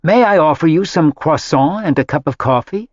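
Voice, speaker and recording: A man's voice: on the high side, animated, normal speed, darkish tone, no room sound, voice pushed up. A male narrator voicing a kind, polite woman chef who speaks courteously. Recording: dry, slightly dull audiobook audio.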